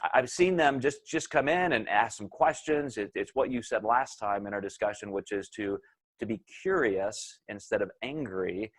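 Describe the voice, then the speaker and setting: A man's voice: fairly low pitch, moderate pace, a bit bright. A man hosting a podcast, talking with energy and often repeating words as he starts his sentences. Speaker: podcast host. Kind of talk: podcast conversation.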